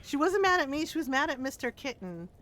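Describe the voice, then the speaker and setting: A woman with a high, bright-pitched voice talks casually to her stream viewers. She tells a story in an animated way, with frequent laughter and the odd curse word. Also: brisk. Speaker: game streamer.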